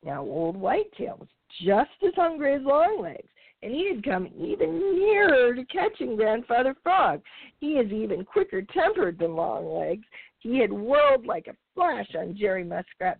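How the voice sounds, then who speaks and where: A woman reads a children's animal story aloud, her pitch leaping and falling with lively expression. Her voice is raspy and gravelly, recorded dry and tinny, like a phone line. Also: moderate pace, no echo. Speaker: podcast host reading aloud.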